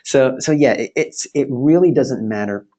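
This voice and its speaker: A male instructor giving a virtual class, telling a story in an animated, chatty way and laughing often, over a video call. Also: medium pitch, normal speed.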